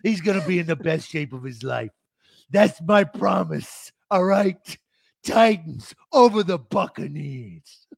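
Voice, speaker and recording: A man's voice: a little high, lively intonation, fast talker, vocal fry, fairly bright tone, slightly rough, dry recording, exaggerated voice. A man putting on a swaggering mob boss. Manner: swaggering, threatening bravado. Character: tough-talking male mob boss, brash and boastful.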